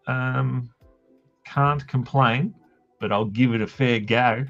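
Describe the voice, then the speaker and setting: A man's voice: medium pitch, fairly even intonation, slow, fairly bright tone, soft background music. An Australian man hosting a drawing livestream, chatting casually in a joking, meandering way with lots of ums and tangents. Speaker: livestream host drawing comics. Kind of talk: casual rambling chat while drawing. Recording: dull lo-fi livestream audio.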